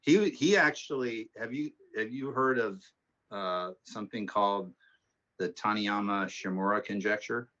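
A math instructor with a very low, deep voice drifts through casual, rambling stories before easing into explaining the material. The audio is muffled and lo-fi, like an online class recording. He sounds relaxed and conversational. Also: measured pace. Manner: rambling anecdotal storytelling. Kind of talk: casual classroom talk and lecture.

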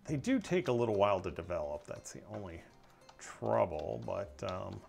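A man streaming a game, chatting casually with his viewers as he plays and breaking into excitable outbursts. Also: fairly low pitch, normal speed, vocal fry. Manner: chatty, talks to viewers while playing. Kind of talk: casual gameplay commentary.

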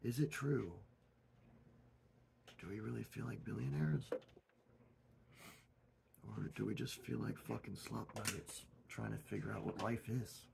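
A man hosting his own channel in a goofy, erratic comedic monologue, swinging from loud outbursts to mumbled asides. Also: on the low side, a little slow, gravelly, pauses often, noisy background. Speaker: channel host.

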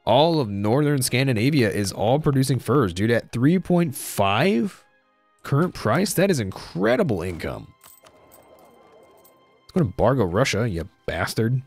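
A man's voice: mid-range voice, big pitch swings, measured pace, faint music behind. A young man giving casual let's-play commentary on a strategy game, thinking aloud, repeating himself and saying "dude".

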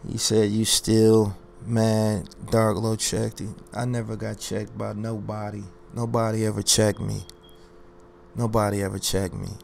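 A man's voice: fairly low pitch, flat delivery, unhurried, vocal fry, darkish tone, slight background noise. A man ranting on his own commentary channel, boastful and confrontational, hammering his points by repeating phrases. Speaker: YouTube commentary host.

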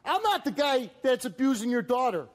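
A man hosting a confrontational talk show on a studio stage, lecturing guests with forceful repetition. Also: very high voice, sing-song, moderate pace. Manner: intense, forceful, repeats phrases for emphasis.

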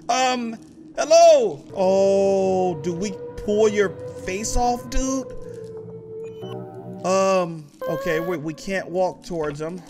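A man with a high, very lively voice plays through a video game and talks his viewers along, unhurried, chatty and quick to get worked up. Game music plays clearly behind him. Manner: excitable, talks to the game, rises to loud outbursts. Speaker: gaming YouTuber. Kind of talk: let's play commentary.

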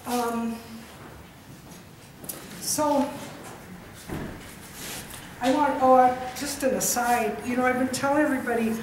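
A woman poet giving a reading in a gallery wine bar, reciting slowly and chatting loosely between poems. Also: high voice, fairly even intonation. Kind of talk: poetry reading with chatty asides. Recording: echoey room from far off with noise.

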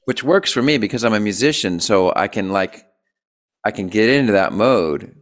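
A man hosting a casual interview, encouraging his guest with quick short reactions. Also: fairly low pitch, lively intonation. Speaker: interviewer host.

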